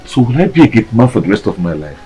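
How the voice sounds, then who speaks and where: A man's voice: fairly low pitch, sing-song, fast, mellow, slightly rough, soft background music, exaggerated voice, rough recording. A man playing a young gateman who laments his poverty and pleads humbly. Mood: despairing. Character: despairing poor young husband. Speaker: gateman and husband.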